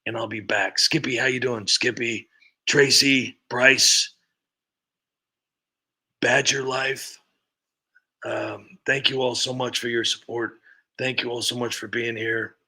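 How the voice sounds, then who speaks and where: Gravelly, rambling livestream host. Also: male voice, medium pitch, level tone, slow pace, pauses often, pushed and bright. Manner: rambling, chuckling, self-mocking. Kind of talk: casual livestream chat.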